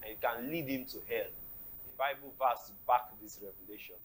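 A man's voice: medium pitch, normal speed, slight background noise, low-quality recording. Man reading viewer questions aloud.

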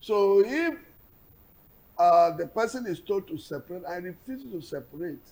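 High gravelly-voiced pastor, blunt. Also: male voice, lively intonation, moderate pace, a little mellow, low-quality recording. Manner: firm, blunt, with chuckles and searching fillers. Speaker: pastor answering viewer questions. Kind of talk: unscripted Q&A on faith.

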